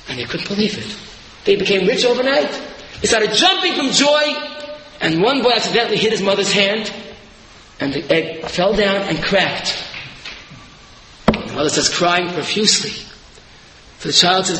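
A man preaching a lively sermon, telling parables and rising to shouted emphasis. His voice sits high and bright. A long echo fills the hall around him. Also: moderate pace, pauses often, slight background noise. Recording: echoey hall.

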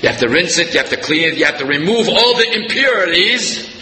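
Animated man lecturing in an echoey hall. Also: fairly high pitch, brisk, a crowd in the background. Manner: animated storyteller, voice leaping up for emphasis. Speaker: rabbi giving a Torah class. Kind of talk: sermon-style Torah lecture. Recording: echoey hall, faint room noise.

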